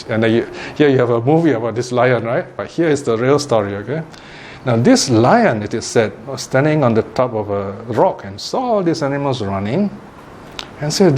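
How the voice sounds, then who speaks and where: Brief: a Buddhist teacher giving a dharma talk, mid-pitched, lively storytelling. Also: male voice, moderate pace, a little hiss or hum. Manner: animated storytelling, laughs often.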